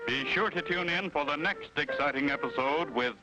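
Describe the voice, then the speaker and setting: A man's voice: fairly high pitch, moderate pace, close to an everyday voice. A man narrating a 1950s adventure cartoon in a dramatic announcer delivery, over the music of an old soundtrack. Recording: dull old soundtrack under loud music.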